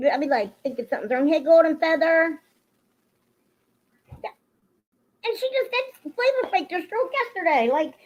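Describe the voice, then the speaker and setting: A woman's voice: sits high, darkish tone. Blunt, profane woman streamer, lo-fi sound. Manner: blunt, profane, greets chat viewers by name. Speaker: livestream host. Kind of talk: casual livestream chat. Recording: dull lo-fi stream audio.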